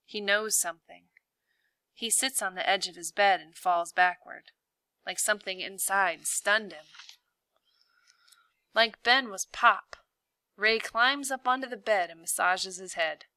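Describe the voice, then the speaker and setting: A woman teacher reading a novel aloud to her class in a slow, deliberate way. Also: on the low side, pushed and bright, dry recording.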